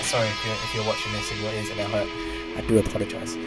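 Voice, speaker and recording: A man casting an esports match play-by-play, close to the mic, chatting to viewers and jumping into loud bursts on big plays. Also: on the low side, monotone, quick pace, music in the background. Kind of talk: play-by-play commentary.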